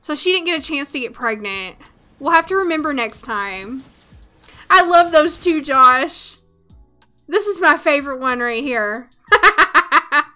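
A woman's voice: sits high, sharp tone. Giggly Southern woman streaming a game. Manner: chatty, giggly, talks to chat. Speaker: gaming livestreamer. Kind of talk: casual game commentary livestream.

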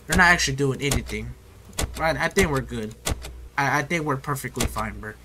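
A man's voice: medium pitch, fairly quick, noisy background. A man giving let's play commentary, jittery, repeating phrases and calling his viewers bro. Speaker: gamer.

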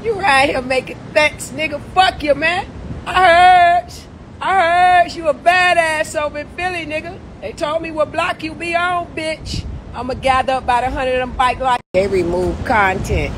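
A woman's voice: high voice, moderate pace, a bit bright, slight background noise, rough recording. A woman ranting profanely and confrontationally on a late-night phone livestream. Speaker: social media personality.

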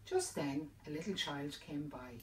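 Low-voiced woman telling a folk tale. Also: expressive, a little slow, slight background noise. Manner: dramatic, lilting storytelling. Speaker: storyteller. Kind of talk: reading a folk tale aloud. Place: indoors by a fireside. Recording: roomy sound, distant mic, faint ambience.

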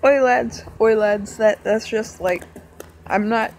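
Woman gaming vlogger, strained worn-out voice, slow and rambling, laughs at herself, faint noise behind. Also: medium pitch, flat delivery, a little mellow. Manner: giggly, rambling, self-mocking. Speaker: gaming channel host. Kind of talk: casual talk to fans.

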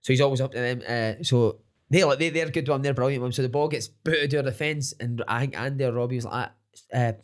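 Fast-talking Scottish man, swearing. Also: mid-range voice. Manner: swears freely, tells stories with laughs. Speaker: football coach and podcaster, interview guest. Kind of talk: casual interview chat.

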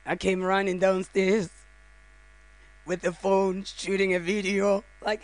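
A woman's voice: mid-range voice, little pitch movement, slow pace, a little mellow. A middle-aged woman, a grieving mother, delivering a heartfelt funeral eulogy in short, broken phrases. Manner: heartfelt, speaks directly to the mourners.

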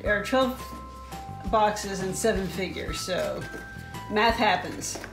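A woman's voice: mid-range voice, expressive, takes it slowly, vocal fry, music in the background. A woman co-hosting a casual toy unboxing, teasing her partner in a dry way. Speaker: co-host.

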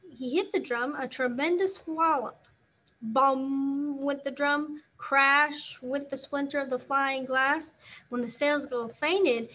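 A woman teacher reads a children's novel aloud with an expressive delivery, acting out the sound words. Her voice is high and bright. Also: slight background noise.

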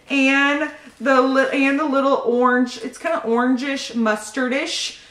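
A woman's voice: sits high, fairly even intonation, unhurried, fairly bright tone, echoey room. A pregnant woman, gushing and laughing as she opens baby gifts in a casual vlog. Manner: gushing, giggly, often laughing. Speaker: channel host opening fan gifts.

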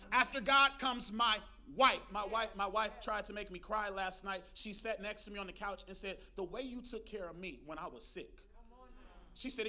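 Bright high-voiced man preaching. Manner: preachy call-and-response with congregation, humorous asides. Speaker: pastor. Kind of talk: sermon. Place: church.

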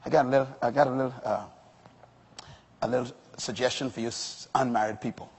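A man's voice: mid-range voice, fairly even intonation, fairly quick, husky. A male pastor delivering an emphatic sermon to a congregation, rising to strong exclamations. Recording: long hall reverb.

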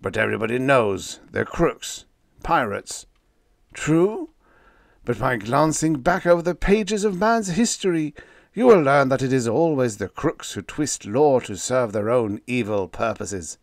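A man reading a humorous vintage science fiction story aloud as an audiobook narrator, in a wry, lively storytelling manner. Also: mid-range voice, a little slow, creaky, no echo, clean studio sound.

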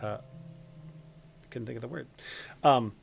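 A man's voice: mid-range voice, takes it slowly, creaky, faint music behind. A man running a tabletop game as game master, rambling with many fillers and restarts.

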